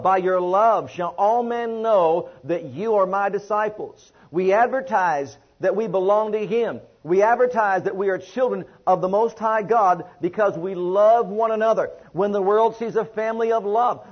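A man preaching a sermon to a congregation, leading call-and-response and stretching out emphatic phrases. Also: high-pitched. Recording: muffled lo-fi sermon recording.

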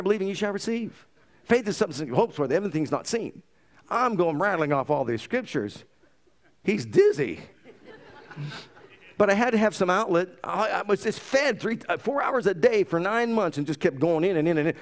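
A middle-aged male pastor with a slightly high voice preaches a sermon. He tells his own story with lively energy and quotes scripture.

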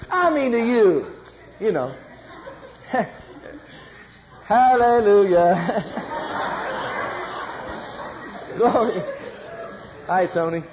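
A man preaching a sermon in an animated way, repeating phrases for emphasis and acting out everyday quarrels. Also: very high voice, highs cut off.

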